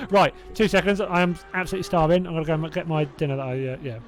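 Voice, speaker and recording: A man's voice: a little high, quick pace, faint music behind. A young man casually hosting a live sim racing watch-along, chatty and reacting aloud, laughing often. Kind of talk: casual live-stream chat.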